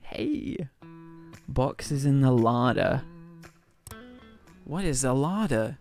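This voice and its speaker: A man's voice: mid-range voice, expressive, slow, a little mellow, faint music behind. A man from northern England streaming a cooking game, chatting casually, thanking viewers by name and joking about himself. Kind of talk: casual live-stream chat.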